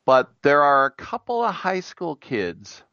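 A gravelly man hosts a sports talk radio show and rambles through baseball memories with jokes. The sound is dry and a little dull, close to a studio mic. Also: a little high, sing-song, a little slow, bright, forceful tone, no echo. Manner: rambling, jokey, does impressions of announcers.

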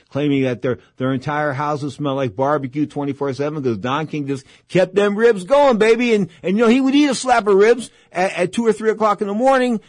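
A man's voice: fairly high pitch, no room sound, clean studio sound. Chatty middle-aged male radio host. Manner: emphatic, chatty storyteller, slangy asides. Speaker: boxing radio talk show host. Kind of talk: rambling anecdotal radio talk. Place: radio studio. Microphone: studio microphone.

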